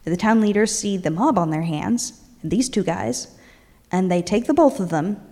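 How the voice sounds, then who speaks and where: A woman preacher retelling a story in a lively sermon, voicing its characters along the way. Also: mid-range voice, moderate pace, big-room sound.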